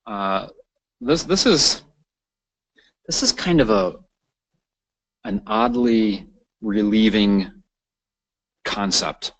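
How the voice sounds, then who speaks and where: A man's voice: on the low side, animated, extremely slow, pauses often, low-quality recording. A man presenting a continuing-education lecture on parenting, talking unscripted with many fillers and restarts. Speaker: counselor presenting a training course.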